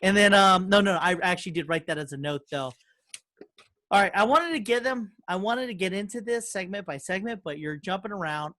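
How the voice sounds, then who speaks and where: A man co-hosting a podcast, chatting casually about politics, swearing a lot and getting animated. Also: high-pitched, fairly quick. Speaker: podcast co-host.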